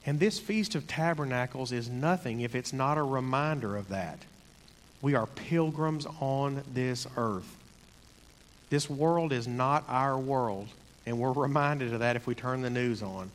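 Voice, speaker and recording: A man giving a sermon in an earnest, conversational way, slowing down to stress key points. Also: mid-range voice, big-room sound, a little hiss or hum. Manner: earnest, conversational, slows for emphasis. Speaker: preacher.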